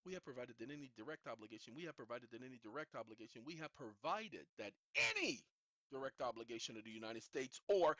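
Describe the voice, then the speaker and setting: A man's voice: medium pitch, lively intonation, fast talker, a bit bright, no echo. A man hosting his own channel and lecturing in an emphatic, preachy way, repeating key lines and calling on the audience to say them with him. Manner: repetitive, calls for the audience to repeat after him. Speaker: channel host. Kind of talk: instructional talk, preachy and emphatic. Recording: dull lo-fi recording.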